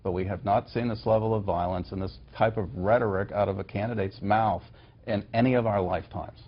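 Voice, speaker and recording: Insistent male pundit, low voice. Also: steady tone, a little fast. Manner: insistent, stammering restarts. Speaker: political strategist guest. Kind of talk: televised debate. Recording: dull broadcast audio.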